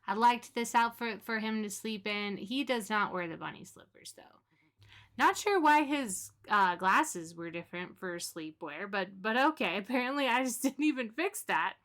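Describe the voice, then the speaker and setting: A woman's voice: mid-range voice, moderate pace, a bit bright. A woman giving casual, chatty commentary while playing a game, laughing often. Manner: chatty and giggly. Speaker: gaming creator.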